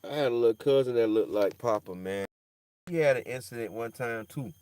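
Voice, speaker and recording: A man's voice: brisk, clear, resonant tone, no room sound. Slangy rambling man, dry close sound. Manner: slangy, repeats "bro" and "dog", rambling; swings from loud animated bursts to low somber mutter. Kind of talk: casual monologue.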